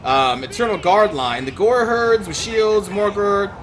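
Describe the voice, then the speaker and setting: A high-pitched man narrating a strategy game match, his commentary full of exasperated rants and frequent swearing. A clear noisy hiss runs under the voice throughout. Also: measured pace, a bit bright. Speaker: gaming channel host. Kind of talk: gameplay commentary.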